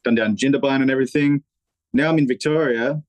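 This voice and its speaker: An Australian man talks loosely and keeps restarting his sentences, laughing often as he goes. His voice sits at an everyday middle pitch. The sound is dry and close, with no room around it. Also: steady tone, fast, no room sound, rough recording. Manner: rambling, many restarts and fillers, laughs often. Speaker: podcast guest, motorcycle YouTuber. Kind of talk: casual chat.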